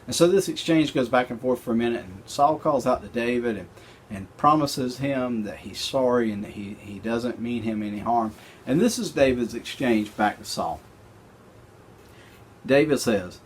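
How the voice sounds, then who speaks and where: A man teaching a recorded Bible study lesson, retelling scripture in an animated, conversational way with casual slang. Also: mid-range voice, normal speed, a little hiss or hum.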